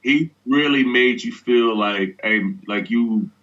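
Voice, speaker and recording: A man's voice: mid-range voice, slow pace, a bit bright. A male actor as an interview guest, telling anecdotes in a laid-back way and laughing often. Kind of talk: relaxed interview storytelling. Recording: dull lo-fi sound.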